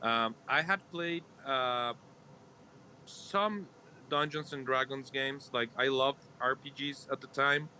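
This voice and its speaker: Bright-voiced man in his forties. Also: medium pitch, slow pace, slight background noise. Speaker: podcast guest. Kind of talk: casual interview answer.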